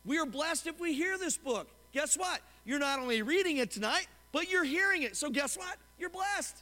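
Man pastor preaching, real high voice, sharp and bright, asks the room stuff, church echo. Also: moderate pace. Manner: animated, asks the congregation questions. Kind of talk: sermon. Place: church sanctuary. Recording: long hall reverb.

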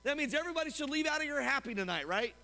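A man preaching a sermon as pastor to his congregation, animated and often asking them questions. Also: very high-pitched, racing. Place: church sanctuary. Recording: long hall reverb.

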